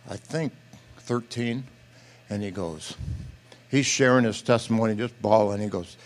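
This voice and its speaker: An older man speaking from a church platform, telling a folksy, animated story with quoted dialogue in a sermon. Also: fairly low pitch. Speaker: pastor or missionary speaker.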